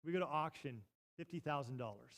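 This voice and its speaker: A pastor with a high-pitched voice preaches his sermon as a story. He talks in an animated way, rising to loud bursts and then dropping to quiet asides. He speaks from a church sanctuary. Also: brisk. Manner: animated, swings from loud to hushed.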